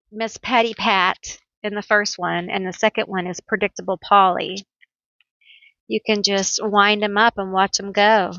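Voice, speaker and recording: A woman's voice: medium pitch, pushed and bright, no echo, dull audio. A woman giving a pick-a-card tarot reading, chatty and playful, telling stories with teasing nicknames.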